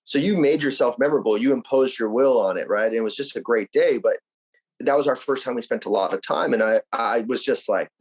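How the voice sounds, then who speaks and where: A man's voice: medium pitch, brisk, husky, poor audio. A man from Arizona, a podcast guest, talking in an emphatic, slangy and upbeat motivational way. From Arizona, USA. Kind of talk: casual conversational interview.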